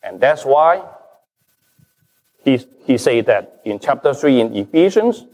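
A man preaching a sermon as pastor, slow and emphatic, his stresses rising and falling. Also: medium pitch, sing-song, a little mellow. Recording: long reverb of a large hall.

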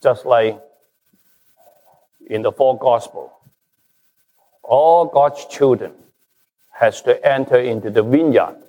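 Male pastor, sermon, very slow delivery, emphatic stresses, long hall echo. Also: medium pitch, dark tone. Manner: slow, emphatic preaching with rising and falling stresses. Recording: long reverb of a large hall.

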